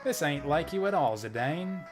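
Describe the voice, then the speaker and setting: A man's voice: a little high, animated, normal speed, music in the background, lightly acted. A man voicing a flirty female theater owner with a southern drawl, reading game dialogue aloud. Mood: teasing. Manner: drawling, sassy, calls people darling.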